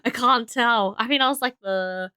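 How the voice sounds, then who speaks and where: Tired, bright-voiced Australian woman. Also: a little high, moderate pace, clean tone, no room sound, clean studio sound. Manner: tired, rambling, thinking aloud with frequent fillers. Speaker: streamer. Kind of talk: casual live-stream chat while building.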